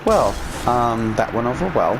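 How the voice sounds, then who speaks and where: A woman with a very deep voice giving rambling, self-deprecating let's-play commentary as she plays. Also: sing-song, normal speed, music in the background. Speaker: game streamer.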